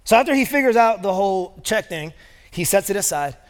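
High-voiced man preaching in a reverberant hall. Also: expressive, a little fast. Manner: casual storytelling with many fillers. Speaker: pastor. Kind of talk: sermon. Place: large church auditorium. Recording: long reverb of a large church hall.

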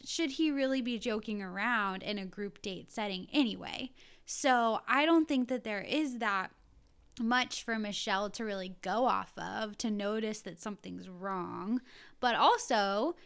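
A woman co-hosting a podcast, giving emphatic, animated opinions on a dating show in casual talk. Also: fairly high pitch, vocal fry, clear, resonant tone. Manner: animated, emphatic, sometimes teasing. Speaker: podcast co-host. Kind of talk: casual recap chat.

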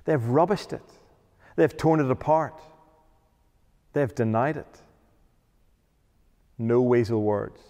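A man's voice: medium pitch, slow pace, long pauses, dark tone. A man preaching a sermon, emphatic, often asking rhetorical questions. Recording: long hall reverb.

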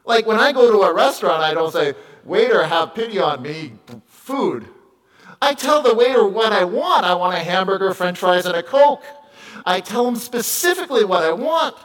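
A middle-aged man preaching a conversational sermon, moving between quiet asides and loud, emphatic calls. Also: high-pitched, lively intonation, fairly quick, low-quality recording. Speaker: pastor.

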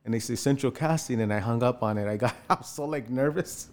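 A man in his forties, an actor telling casually how he broke into film, acting out quoted voices with sudden jumps in pitch. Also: fast talker. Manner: animated, acts out quoted voices with jumps in pitch, many fillers. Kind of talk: casual storytelling interview.

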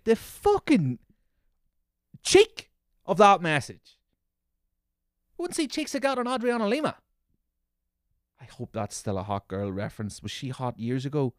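A man hosting a comedy podcast, ranting sarcastically with lots of swearing and sudden loud mocking bursts. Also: fairly low pitch, dry recording, studio quality.

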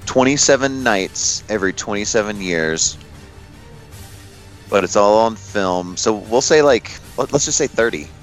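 A man's voice: lowish voice, animated, measured pace, soft background music, low-quality recording. A man in a casual chat, making short, hesitant guesses.

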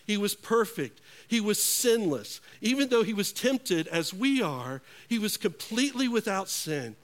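Man preaching slow and earnest, kinda high voice, goes quiet for effect. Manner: slow, earnest preaching with dramatic hushed drops. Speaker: pastor. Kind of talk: sermon.

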